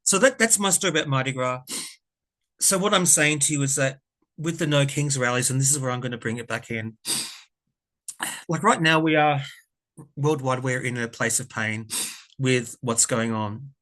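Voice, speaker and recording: A man's voice: mid-range voice, moderate pace, pauses often, bright, forceful tone. A man, a tarot vlogger telling a personal story to camera in a rambling, earnest way, often correcting himself and getting emotional.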